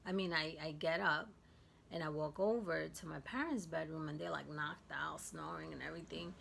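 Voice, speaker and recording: Low, gravelly woman telling a story. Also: slight background noise. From Guatemala. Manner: soft, halting, with many fillers. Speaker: vlogger. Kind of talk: personal storytelling vlog.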